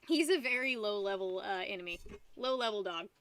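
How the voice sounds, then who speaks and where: Hosting a live stream from home, a young woman chats loosely and giggles as she paints. Her mid-range voice has a fairly bright tone, with a little hiss or hum in the background.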